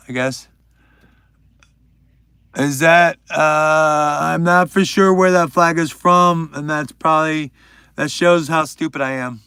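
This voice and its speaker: A man's voice: a little high, fairly even intonation, slow, pauses often, sharp tone, smooth, dry recording, studio quality. A young man hosting a livestream, chatting casually and joking while reading out viewers' names. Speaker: livestream host.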